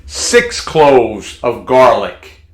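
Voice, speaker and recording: A man walks through a home recipe in his kitchen. He takes his time and talks in a relaxed, unhurried way, folksy and chatty. He often repeats words and restarts phrases, in a mid-range voice. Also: mid-range voice, noisy background. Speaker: home cooking vlogger. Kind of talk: casual cooking demonstration.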